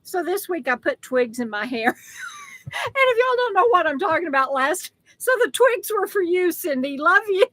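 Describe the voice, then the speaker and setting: Bright high-voiced woman chatting. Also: sing-song, no echo, low-quality recording. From Texas. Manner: chatty, affectionate, laughs often, halting with fillers and restarts. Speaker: livestream host. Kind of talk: casual live-stream chat reading comments.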